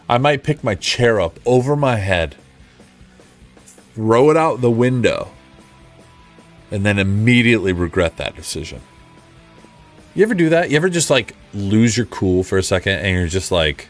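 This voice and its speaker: A man's voice: fairly low pitch, expressive, brisk, faint music behind. A man streaming casually, rambling and frustrated, mocking himself as he chats with viewers. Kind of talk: casual live-stream chat.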